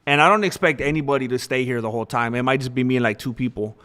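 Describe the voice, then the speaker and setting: A man's voice: mid-range voice, racing, a bit bright, smooth. A young man hosting a livestream, talking candidly and rambling in casual chat with viewers. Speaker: livestream host.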